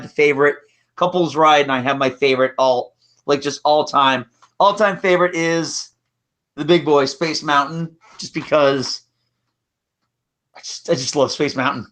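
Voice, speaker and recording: A man's voice: fairly high pitch, a bit bright. A man hosting a casual podcast chat, talking in a rambling way with frequent restarts. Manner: chatty, rambling, restarts often. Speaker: podcast host. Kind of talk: casual chat about theme park rides.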